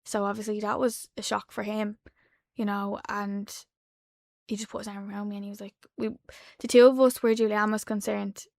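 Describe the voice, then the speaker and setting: A woman in her twenties with an Irish accent, a podcast guest telling a personal story in a soft, halting way that drops to a hush. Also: mid-range voice, level tone, vocal fry, dry recording. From Ireland. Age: 20s. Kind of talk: emotional personal account. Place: podcast studio.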